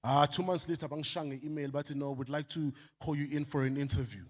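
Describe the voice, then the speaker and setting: A man's voice: a little high, fast talker. A man with a South African accent giving a motivational stage talk, switching between storytelling and rallying the crowd. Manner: animated, leads crowd call-and-response shouts. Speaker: motivational speaker. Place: event stage before a crowd.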